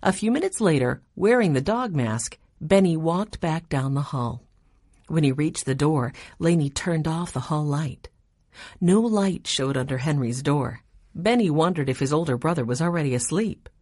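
A woman narrating a children's storybook with a low, husky voice. Her reading is expressive, with lively rises and falls in pitch. The sound is dry and close. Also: moderate pace, no room sound.

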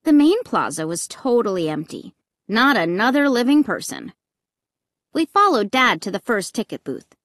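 A woman narrating an audiobook in the first person, with expressive, dramatic storytelling on a close mic. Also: on the high side, moderate pace, no room sound.

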